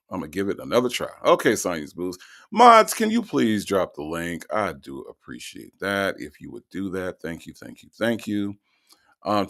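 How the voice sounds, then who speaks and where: A man with a low, fry-laced voice hosts a casual live show, reading viewer comments aloud. He talks in a drawling, teasing way, repeating phrases, and his pitch swings widely. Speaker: host. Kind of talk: livestream commentary reading chat.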